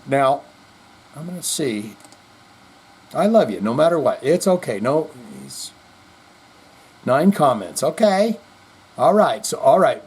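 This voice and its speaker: A man's voice: fairly high pitch, a little mellow. A middle-aged man hosting a podcast, rambling in casual chat with self-deprecating jokes. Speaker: podcast host.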